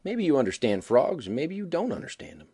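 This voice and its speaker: A man reading the part of a boastful frontier gambler with a drawling, careless, folksy way of talking and a husky voice. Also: a little high, sing-song, brisk, warm tone, pitched above the performer's own voice. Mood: easy careless.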